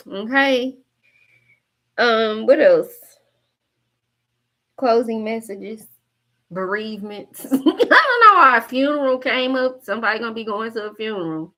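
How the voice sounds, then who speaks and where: A tarot reader and coach in her forties gives a casual spiritual reading to camera, blunt and profane, joking a lot and laughing often. Her mid-range voice is expressive and fairly bright, and she speaks a little slowly.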